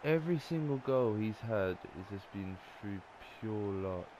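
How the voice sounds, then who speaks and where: A man's voice: fairly low pitch, animated, a little slow, a little mellow, slight background noise. A young man ranting and swearing while playing a football video game. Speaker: gamer. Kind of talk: angry gameplay commentary.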